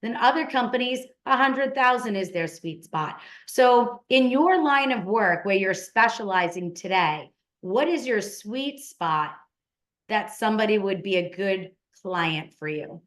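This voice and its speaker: A woman's voice: medium pitch, lively intonation, measured pace. Emphatic woman interview host. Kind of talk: casual interview talk.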